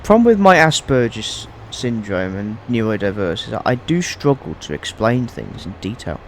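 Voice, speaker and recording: A man's voice: fairly low pitch, very animated, moderate pace, slight background noise. A man giving casual gameplay commentary as a YouTuber, often restarting his sentences and wandering into asides. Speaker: gaming YouTuber.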